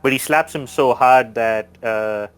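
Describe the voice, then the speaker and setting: A man's voice: medium pitch, unhurried, clear, resonant tone. A man who is a player in a tabletop game, loosely describing his character's actions with many fillers.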